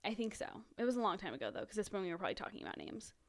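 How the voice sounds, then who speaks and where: A woman's voice: medium pitch, very animated, rapid-fire. A young woman co-hosting a podcast in casual chat, bubbly and enthusiastic, speaking through a bout of hiccups. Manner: bubbly, enthusiastic, laughing asides. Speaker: podcast co-host.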